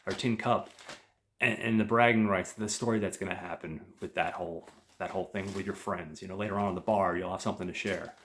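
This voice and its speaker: A man voicing a cocky, smooth-talking male golf hustler making a persuasive pitch. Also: steady tone, brisk, a bit bright, slight background noise.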